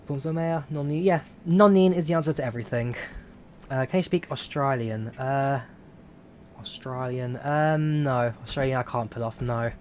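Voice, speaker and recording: A man hosting a flight sim stream, chatting in a relaxed, rambling way as he answers viewers one by one. His pitch sits right in the middle, neither high nor low. A faint hum runs under his voice. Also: normal speed. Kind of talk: casual live-stream chat.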